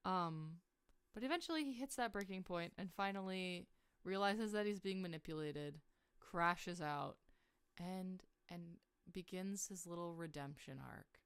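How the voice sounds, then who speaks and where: A young woman rambling excitedly about her story characters on a casual livestream, full of filler words. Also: fairly low pitch, a little slow, clean tone. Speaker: streamer. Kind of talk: casual livestream lore chat.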